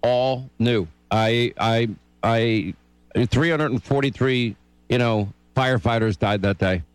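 A man hosting a political radio talk show, giving urgent, forceful commentary. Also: mid-range voice, slow, clear, resonant tone, dry recording.

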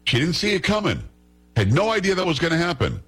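A man's voice: on the high side, very animated, fast talker, a bit bright, breathy edge, faint music behind. A male host giving indignant political commentary, full of sarcasm and rhetorical questions.

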